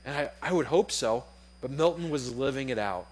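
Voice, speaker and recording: A young adult man preaching a sermon in a casual, animated way, acting out the voices in his story. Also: mid-range voice, moderate pace.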